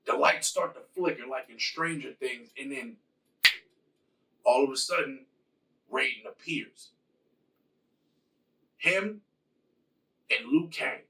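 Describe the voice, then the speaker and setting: A man's voice: mid-range voice, slow, gravelly, pauses often, sharp tone, distant mic, a little hiss or hum, rough recording. A man casually retelling a movie plot in a loose, rambling, profane way. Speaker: host.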